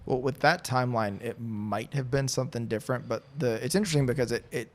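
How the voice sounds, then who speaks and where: A man's voice: medium pitch, fast. A man in his thirties, a guest on a podcast, talking candidly in a rambling, casual way with lots of fillers. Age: 30s. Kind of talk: casual chat.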